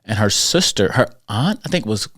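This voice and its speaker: A man with a fairly low voice tells school stories on a podcast, animated and conversational. He slips in and out of quoted voices as he goes. The sound is dry and close, with little room around him. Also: normal speed, dry recording. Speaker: podcast host and school character-education speaker. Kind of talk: conversational storytelling.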